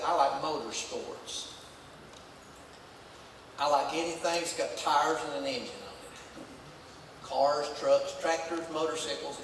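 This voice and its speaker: A man preaching a folksy, emphatic sermon as pastor, his voice rising into shouts. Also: fairly high pitch, slight background noise. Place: church sanctuary. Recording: echoey church hall from far off.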